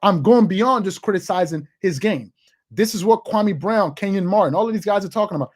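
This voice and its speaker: A woman's voice: mid-range voice, expressive, a little fast, a little mellow. A woman hosting a sports opinion show, arguing her points emphatically and repeating phrases for stress.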